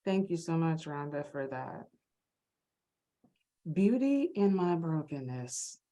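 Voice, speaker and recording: Effusive low-voiced woman host. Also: sing-song, slow, mellow. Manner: effusive, laughs easily. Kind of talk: hosting a virtual book talk.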